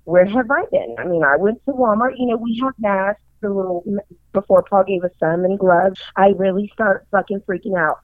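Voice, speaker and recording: A woman telling a story in casual chat, profane and excitable, acting out her own panicked lines. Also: medium pitch, normal speed, no room sound. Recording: dull lo-fi dry recording.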